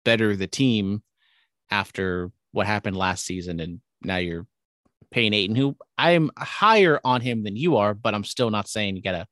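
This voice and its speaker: A man's voice: on the low side, moderate pace, fairly bright tone, no room sound. Rambling young man, dry close sound. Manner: rambling, teasing. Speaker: podcast co-host. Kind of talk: casual chat.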